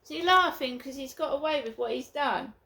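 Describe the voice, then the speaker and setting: A woman rants casually from her flat, circling back over the same complaints. Her voice sits fairly high and sounds bright and sharp, with a gravelly edge. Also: a little fast, slight background noise. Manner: agitated, repetitive complaining. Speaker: vlogger. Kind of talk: casual ranting monologue.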